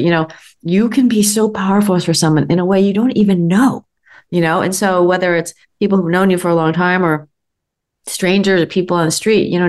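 A woman hosts a podcast, answering her guest in a reflective, searching way. Her voice sits a little low for a woman, and she circles back with fillers as she shapes each thought. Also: a little mellow. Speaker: podcast host. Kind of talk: reflective interview chat.

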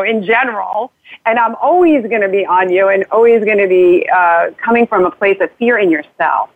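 A woman's voice: medium pitch, normal speed, no echo. A woman, an author being interviewed, talking in an earnest, rambling way with restarts and light laughs. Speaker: author guest. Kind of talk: casual interview talk. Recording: tinny phone line.

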